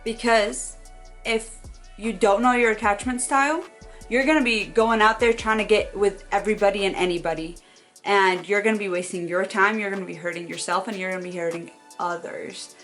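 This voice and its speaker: A young woman talking to her phone camera in a casual, animated advice vlog, acting out quoted voices now and then. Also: mid-range voice, normal speed, soft background music. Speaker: vlogger.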